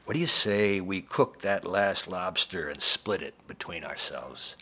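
A man voicing a crude, quick-tempered male restaurant cook, talking bluntly and coarsely. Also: low-pitched, pushed and bright, heavily acted. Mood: coaxing.

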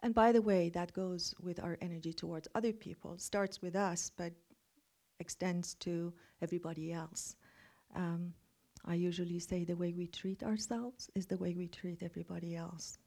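Soft-spoken woman guiding a meditation. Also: on the low side, fairly even intonation, moderate pace. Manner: gentle, soft-spoken, drifting into breathy half-whispers. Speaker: meditation teacher. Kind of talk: guided meditation talk.

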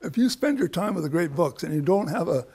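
A man's voice: on the high side, lively intonation, brisk, a little mellow, breathy edge. An older man, a professor, answering a student's question in an informal lecture with a rambling, anecdotal way of talking and many restarts.

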